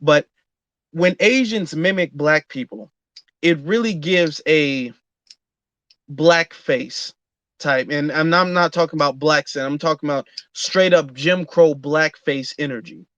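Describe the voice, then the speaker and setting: A man's voice: fairly high pitch, unhurried, a bit bright, dry recording. A man hosting an online audio room, talking in an earnest casual monologue with frequent fillers and restarts. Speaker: host.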